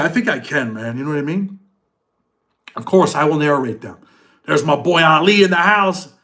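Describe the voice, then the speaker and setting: Man host, middle-aged, slightly higher voice, relaxed street talk with his live viewers. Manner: loose street slang, reads out chat comments. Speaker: channel host. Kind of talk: casual livestream chat with viewers.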